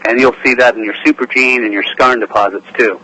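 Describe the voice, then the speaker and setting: A man being interviewed as an expert guest, speaking in a bright, mid-pitched voice. He explains things earnestly and at length, pausing now and then to find his words. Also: steady tone, low-quality recording. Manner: explanatory, earnest, with filler pauses. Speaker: guest, gold prospecting expert. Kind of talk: interview answers.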